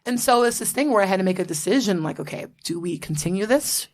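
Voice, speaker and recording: A woman's voice: mid-range voice, expressive, quick pace, darkish tone. A woman in her thirties from Florida, hosting a casual podcast chat, bubbly and laughing often, swearing freely. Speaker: podcast host.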